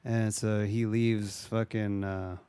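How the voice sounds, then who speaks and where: A man's voice: lowish voice, level tone, takes it slowly, dark tone, smooth, dry recording. A young man casually retelling a movie plot, swearing often and acting out the characters' lines. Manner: laid-back, swears often, acts out quotes.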